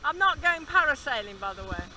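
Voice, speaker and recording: Holiday vlogger, high lively voice, joking, wind-buffeted camera audio. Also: male voice, fairly quick. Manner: chatty, joking, self-mocking. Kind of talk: casual holiday vlog. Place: outdoors by the sea, on a small sailboat. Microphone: small camera held or worn.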